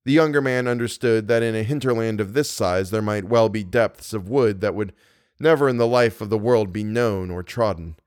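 Low-voiced man narrating a horror story. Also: no room sound, studio quality. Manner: measured, grave storytelling. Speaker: podcast narrator.

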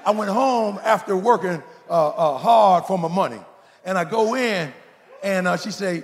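A male pastor delivers a sermon with a folksy, joking storytelling manner, teasing his congregation. His voice is gravelly with some fry and sits fairly high. The sound rings with the long reverb of a big church hall. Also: moderate pace. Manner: folksy preacher, playful storytelling, calls out to the congregation.

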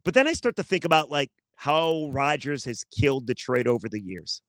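A man's voice: medium pitch, animated, normal speed, fairly bright tone, no echo. A man hosting a solo sports podcast, chatty and joking, repeating himself for emphasis.

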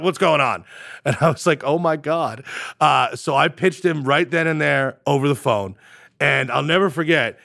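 A man tells his startup story in a relaxed interview. His voice has a gravelly edge and sounds close and dry. He stumbles and restarts, then throws himself into the quoted lines. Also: mid-range voice, dry recording. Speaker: startup founder and CEO.

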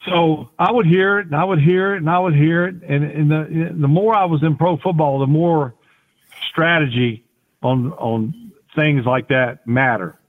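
On a podcast, a former quarterback tells rambling, folksy stories, restarting his sentences often as he goes. His voice is fairly high and unhurried, and the audio sounds tinny, like a phone line.

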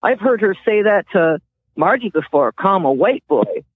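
A woman recounting events in an interview, animated and acting out the voices and sounds she describes. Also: medium pitch, moderate pace, slightly rough, dry recording. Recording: tinny phone-line audio.

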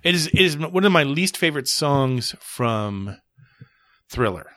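A man's voice: fairly high pitch, big pitch swings, measured pace, bright, forceful tone, no echo, studio quality. A man co-hosting a podcast, chatting casually and enthusiastically about music with rambling asides. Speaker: podcast co-host.

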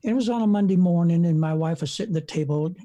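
An American evangelist preacher in his seventies tells stories from his front porch during an interview. His mellow voice sits on the high side and moves at a quick pace, and his folksy, rambling style is full of fillers.

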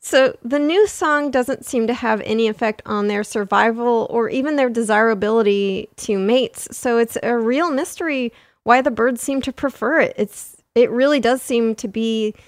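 Giggly woman with a high, dry voice. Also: normal speed, few pauses, dry recording. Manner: giggly, jokey, reads quotes aloud. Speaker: podcast co-host. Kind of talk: casual comedic chat.

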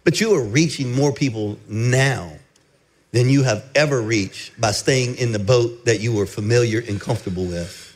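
Affirming pastor hosting a conversation. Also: male voice, mid-range voice, normal speed. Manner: affirming, backs the guest with short agreements. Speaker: pastor and host. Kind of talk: interviewer in casual conversation.

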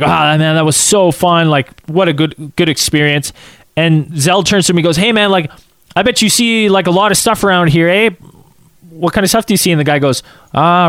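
A man telling a casual anecdote, acting out quotes in an animated way and saying "like" a lot. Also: on the high side, dry recording, clean studio sound.

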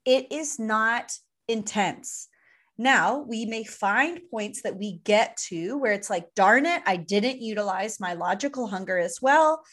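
A woman with a bright, slightly high voice, talking through ideas in an animated way. She leans on playful comparisons and checks in with her listener often. It sounds like a relaxed podcast conversation. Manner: animated, explanatory, playful analogies. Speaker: podcast co-host, nutrition expert. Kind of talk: casual podcast chat.

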